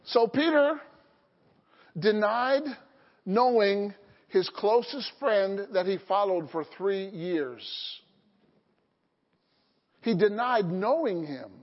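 A man preaching a sermon as pastor, lively and acting out Bible scenes in voices. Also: sits high, takes it slowly, pauses often. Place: church sanctuary. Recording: dull audio with long church reverb.

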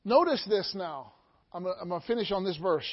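A middle-aged pastor preaching with a very high voice, moving from hushed asides to loud, soaring exclamations. He keeps checking in with his congregation by asking "Amen?" The sound is dull and muffled. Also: animated, fast. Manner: call-and-response preaching, asking "Amen?" often. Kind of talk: sermon.

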